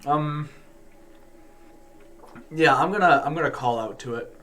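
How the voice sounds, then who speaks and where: A man playing in a tabletop game, halting as he thinks aloud through his character's actions, with faint noise behind him. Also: fairly high pitch, pushed and bright. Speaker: player.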